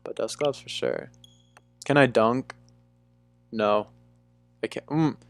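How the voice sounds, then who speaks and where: With soft music playing, a young adult livestreamer talks slowly in a medium-pitched voice with vocal fry. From a room at home he chats casually with viewers, relaxed and talkative, calling people "dude."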